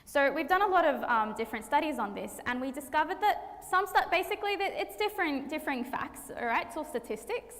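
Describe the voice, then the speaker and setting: A woman's voice: sits high, expressive, fairly quick, few pauses, fairly bright tone. A young woman, a medical student, giving a chatty health talk to an audience, laughing easily and using many fillers. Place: church hall. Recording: reverberant hall.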